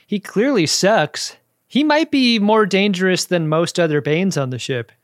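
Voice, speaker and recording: A man co-hosting a podcast, chatting about a TV episode with wry asides and quick quips. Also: high voice, dry recording, studio quality. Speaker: podcast co-host. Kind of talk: casual episode recap chat.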